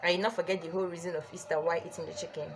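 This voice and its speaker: A young woman telling a storytime on her vlog, chatty and animated with many "like"s. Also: fairly low pitch, rapid-fire, background noise. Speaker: vlogger.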